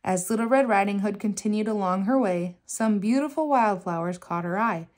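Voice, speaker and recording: A woman reading a children's picture book aloud in a gentle, measured storytelling manner. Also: mid-range voice.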